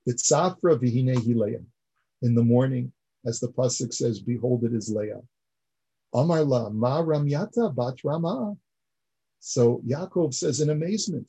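Mellow husky-voiced male teacher. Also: mid-range voice, unhurried, rough recording. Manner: earnest explaining, repeats words while building a point. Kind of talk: classroom lecture.

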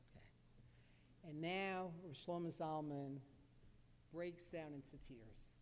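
A man's voice: a little high, slow pace, a little mellow, a little hiss or hum. A man, a psychologist, telling a story in an earnest, repetitive lecture, with many fillers. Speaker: psychologist giving a talk. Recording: echoey hall.

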